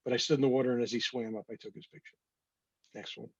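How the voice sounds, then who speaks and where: Presenting his work, a photographer talks fast in a steady tone through a slideshow of his photos, dropping in wry anecdotes. His mid-range voice is a bit rough and husky. The audio is muffled, close and dull, with no room sound.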